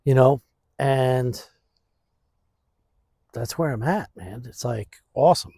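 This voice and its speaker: A man vlogging casually outdoors in his backyard, talking slowly into a phone on a stand, rambling and laid-back, saying "man" and "dude" a lot. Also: mid-range voice, dark tone, slightly rough, no echo, clean studio sound. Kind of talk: casual vlog chat.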